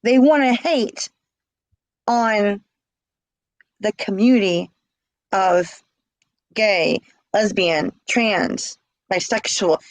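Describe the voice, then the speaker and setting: A woman's voice: medium pitch, very slow, long pauses, dry recording, low-quality recording. A middle-aged woman, telling a personal story with passion and repeating herself. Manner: impassioned, repeats herself, acts out quoted calls. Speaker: interviewee. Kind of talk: emotional personal account.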